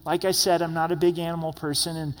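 High-voiced pastor preaching in a hall. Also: male voice, flat delivery, fast. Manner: earnest, conversational preaching with repeated words. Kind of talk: sermon. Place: church service.

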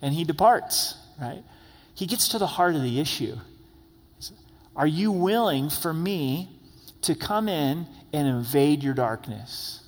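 A man's voice: a little high, expressive, takes it slowly, big-room sound. A man preaching an expository sermon as a pastor, earnest and conversational, building to emphatic questions.

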